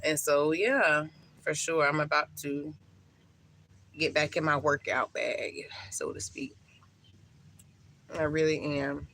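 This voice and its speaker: 30s woman talking to her viewers outside, bright voice, lots of "you guys", bit of background noise. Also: low-pitched, steady tone, unhurried, rough recording. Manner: warm, emotional, talks to viewers with many fillers. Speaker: livestream host. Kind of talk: casual live-stream chat. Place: outdoors.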